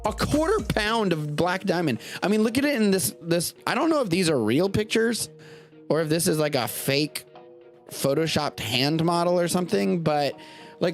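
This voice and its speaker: A man's voice: fairly high pitch, a little slow, faint music behind. An American man hosting a live-streamed show, chatting casually in a rambling, jokey way. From United States. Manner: rambling, animated, jokey asides. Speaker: podcast host.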